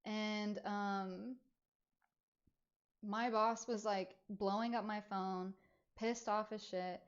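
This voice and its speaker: A woman's voice: medium pitch, slow, dull audio. Rambling woman streamer telling a story. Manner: rambling, filler-heavy, animated retelling. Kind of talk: casual storytelling while streaming.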